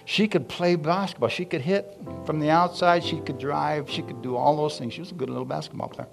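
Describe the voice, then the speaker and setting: A man's voice: fairly high pitch, brisk, creaky, over music. A middle-aged man preaching a sermon, telling family stories and calling out to the congregation. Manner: animated, calls out to the congregation. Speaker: pastor. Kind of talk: sermon storytelling.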